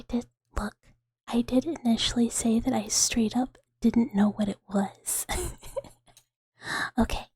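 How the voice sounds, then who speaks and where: A young woman streaming whispered ASMR chat, talking softly to her viewers and giggling often at herself, close to a sensitive microphone. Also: a little high, measured pace, husky, no room sound.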